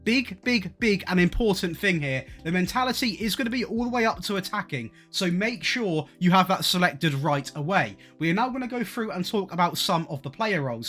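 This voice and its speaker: Male gaming YouTuber, high-pitched, enthusiastic, chatty commentary over soft music. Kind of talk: video game tactics commentary.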